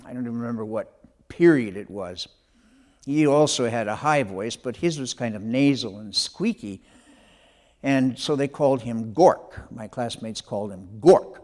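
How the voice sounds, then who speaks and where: An older man, an author, telling a story from his own schooldays in an animated, conversational way. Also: medium pitch, normal speed. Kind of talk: spoken memoir storytelling.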